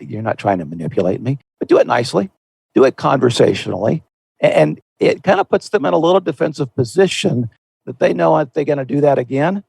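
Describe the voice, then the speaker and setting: A man's voice: fairly high pitch, gravelly, darkish tone, no echo. A man hosting a Christian podcast, explaining in an earnest, folksy way with frequent restarts. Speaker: podcast host. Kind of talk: conversational Christian podcast discussion.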